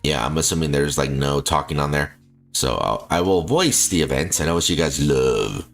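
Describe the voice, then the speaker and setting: Very deep-voiced, rambling male streamer. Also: animated, fairly quick, fairly bright tone. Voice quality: bassy voice. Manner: rambling, filler-heavy, restarts often, laughs easily. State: feels like coughing. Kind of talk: casual live-stream chat while gaming.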